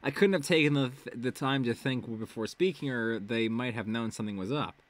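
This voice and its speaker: A man's voice: medium pitch, brisk, no echo. A young man streaming as he reads a web serial aloud, breaking off into casual, sweary, joking commentary. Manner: laughs a lot, swears freely, goes off on tangents.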